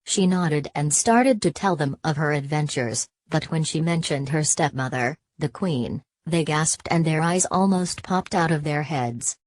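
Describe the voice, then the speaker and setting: A woman narrating a children's storybook in an even, scripted reading voice. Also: deep voice, a little slow, few pauses, no room sound.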